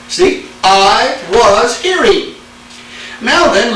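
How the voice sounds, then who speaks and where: Man, Greek teacher, lively high voice, slow deliberate lecture, echoey room tape from afar. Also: far from the mic, slight background noise. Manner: questioning students, frequent "all right?" and "now then". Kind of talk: classroom grammar lecture. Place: church classroom.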